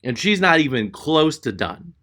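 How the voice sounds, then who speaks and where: A man's voice: fairly high pitch, big pitch swings, normal speed, bright, forceful tone. A man from Texas doing stand-up comedy, telling an exasperated story.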